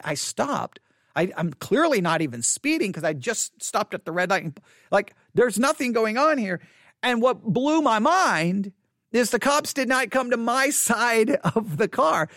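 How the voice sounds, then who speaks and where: Pastor preaching from the pulpit, animated and emphatic, dry close sound. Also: medium pitch, a little slow, no room sound. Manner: animated, rising to indignant emphasis. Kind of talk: sermon.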